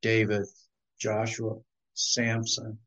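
A man speaking as a podcast guest, steady and earnest about his faith. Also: on the low side, slow, rough recording. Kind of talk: earnest faith talk in an interview.

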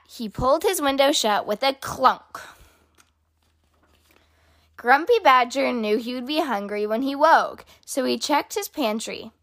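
A woman reading a children's picture book aloud, with expressive, animated storytelling. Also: high voice, no room sound, clean studio sound.

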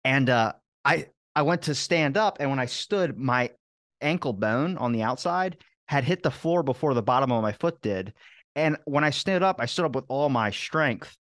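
A man guesting on a podcast, telling rambling personal anecdotes in casual chat with quick restarts and the odd curse. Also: mid-range voice, animated, a bit bright, no room sound, clean studio sound.

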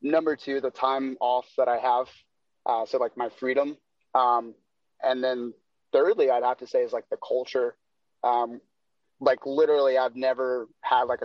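A man's voice: mid-range voice, no echo, highs cut off. A man chatting as a podcast guest, talking in a rambling, laid-back way with lots of fillers. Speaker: podcast guest, door-to-door salesman. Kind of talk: casual chat.

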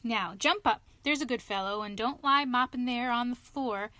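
A woman's voice: a little high, normal speed, sharp tone, dry recording. A woman reading a storybook, voicing a kindly, practical male water rat who talks in a hearty, bracing way. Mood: hearty, brisk.

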